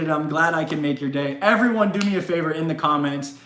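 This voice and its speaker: A man's voice: fairly high pitch, animated, moderate pace, pushed and bright. A man hosting a casual live question-and-answer stream, chatty and rambling, often laughing. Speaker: livestream host. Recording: roomy echo.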